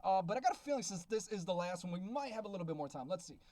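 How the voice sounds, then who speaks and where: An excitable man out of breath, hosting a casual vlog where he beta-reads a manuscript and exclaims often. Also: high-pitched, racing, no room sound. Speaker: beta reader and self-published author. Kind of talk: casual reading review vlog.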